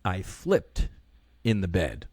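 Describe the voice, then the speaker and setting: A man in his fifties, a podcast guest telling a personal story in an earnest, halting way, often restarting his sentences. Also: low-pitched, wildly swooping pitch, darkish tone, dry recording, studio quality. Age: 50s.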